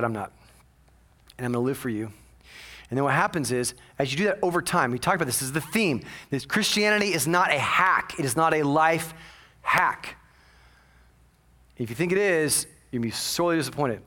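A male senior pastor with a voice on the high side preaches a sermon in a church sanctuary. His delivery is animated, swinging between quiet asides and loud exclamations as he acts out his congregation's voices.

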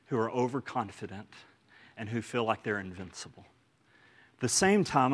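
A man's voice: medium pitch, a bit bright. A man with an Oklahoman accent preaching a sermon in church, earnest and emphatic, often repeating phrases for stress. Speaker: pastor.

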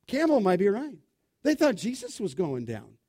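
A man preaching a sermon in an animated, emphatic, conversational way, full of rhetorical questions. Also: sits high, moderate pace, husky.

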